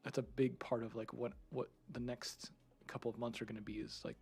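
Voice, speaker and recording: A male streamer chats loosely with his viewers, rambling and laughing often. His voice is gravelly and somewhat husky, at an ordinary pitch. He swears casually and restarts his sentences often. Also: flat delivery, fairly quick, a little mellow. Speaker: streamer and 3D content creator. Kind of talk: casual live-stream chat.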